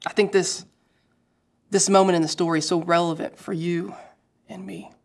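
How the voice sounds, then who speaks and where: Woman preaching a lively storytelling sermon. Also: lowish voice, moderate pace, creaky. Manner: lively storytelling with quoted voices.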